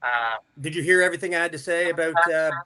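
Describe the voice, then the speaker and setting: A man's voice: on the high side, quick pace, sharp tone, clear, resonant tone. A man calling in remotely as a wrestler, cutting an aggressive, boastful trash-talk promo. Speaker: wrestler guest. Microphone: remote call.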